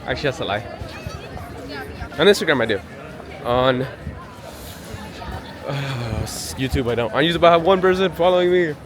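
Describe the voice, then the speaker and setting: A man's voice: medium pitch, normal speed, long pauses. A man chatting casually as a travel vlogger, rambling and joking at himself while walking outdoors with a handheld camera. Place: outdoors at a busy palace grounds. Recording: outdoor crowd noise. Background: crowd chatter.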